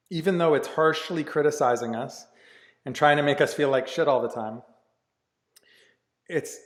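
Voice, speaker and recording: A man who works as a life coach gives a candid, earnest motivational talk, swearing freely and often restarting his sentences. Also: on the high side. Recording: echoey room with long reverb.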